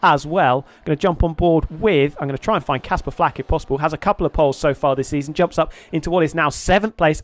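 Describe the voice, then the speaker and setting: A man giving lead commentary on an online sim racing qualifying session, lively as he calls the lap times. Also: a little high, brisk, hardly any pauses, dry recording. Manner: lively, builds excitement over lap times.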